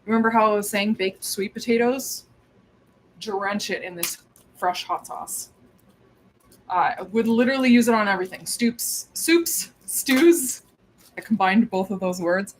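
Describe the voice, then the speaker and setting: A woman's voice: mid-range voice, normal speed, slight background noise, rough recording. A woman hosting a cooking livestream from her home kitchen, chatting casually in a rambling way as she moves around, with cooking sounds behind her. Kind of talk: casual chat while cooking.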